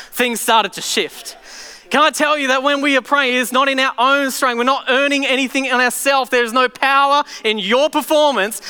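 A man's voice: extremely high pitch, sharp tone, clean tone, big-room sound. A man preaching a sermon to his church, telling stories animatedly and acting out voices. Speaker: pastor.

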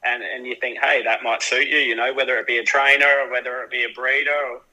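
A man as a podcast guest, chatting in an easygoing way, joking and trailing through halting starts. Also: mid-range voice, steady tone, pushed and bright, poor audio. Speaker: guest, greyhound owner. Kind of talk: casual interview chat.

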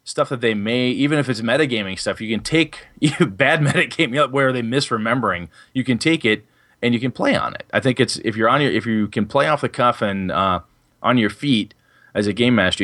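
A man's voice: lowish voice, a bit bright. A man hosting a casual tabletop gaming podcast, rambling and correcting himself as he talks, with casual swearing. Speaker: podcast host and game master.

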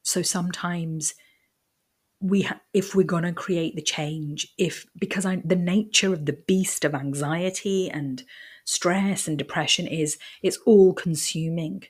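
A woman hosting her podcast alone. Her voice sits low. She rambles in a friendly, chatty way, rushing ahead and circling back with fillers and restarts. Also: fairly even intonation, breathy edge. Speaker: podcast host. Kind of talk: casual solo podcast talk.

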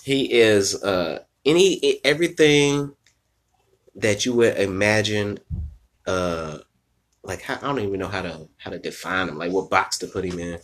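A man co-hosting a podcast, chatting casually in slangy speech and acting out other people's lines in quick quoted voices. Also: low voice. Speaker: podcast co-host.

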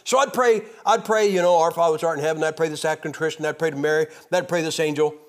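A man with a slightly high voice speaks fast while preaching at a revival. He narrates his personal testimony with animation, his volume swinging from loud to hushed.

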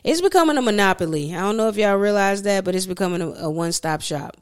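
This woman co-hosts a casual podcast chat, ranting as an animated, profane storyteller. Her voice is medium-pitched and clean in tone, and she talks fast.

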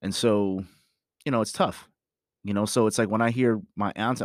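Speaking at a normal speed with fairly even intonation, a man whose voice sits on the low side recounts a story about his family as a parent. The casual monologue wanders and gets emphatic, laced with curses and "you know." The recording is dry and studio-clean.

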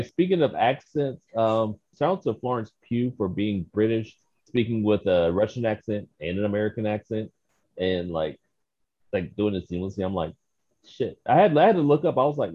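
A man with a husky, low voice chats about a film with emphatic enthusiasm. His recording sounds dull and lo-fi, with a dry, close feel. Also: animated, brisk, dry recording. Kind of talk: casual movie review chat.

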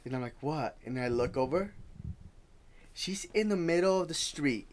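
A young man co-hosting a podcast who tells a scary story in casual slang and swears freely, getting louder and more excited as it goes on. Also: fairly high pitch, normal speed. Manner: slangy, profane, grows loud and excited while telling a scary story. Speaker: podcast co-host.

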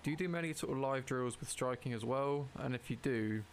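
A man's voice: medium pitch, brisk, a little hiss or hum. A man interviewing, asking long questions in an easygoing way.

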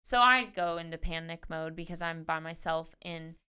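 A woman in her twenties, a pro tennis player being interviewed, chatting in a lively way with lots of "like". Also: sits low, normal speed, clear, resonant tone. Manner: chatty, animated retelling with frequent "like". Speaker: guest, professional tennis player. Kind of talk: casual interview storytelling.

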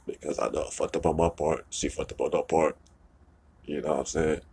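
A man's voice: very deep voice, flat delivery, brisk, vocal fry, dark tone, slight background noise. A young man venting in a rambling, profane monologue, upset and close to tears, repeating himself often. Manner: rambling, profane, repeats "you know what I'm saying".

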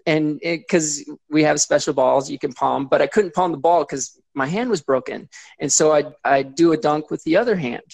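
A man, a guest on a talk show, recounting a past injury in plain, steady speech. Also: fairly high pitch, normal speed, vocal fry, no room sound. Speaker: guest, former mascot performer. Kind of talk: casual interview storytelling.

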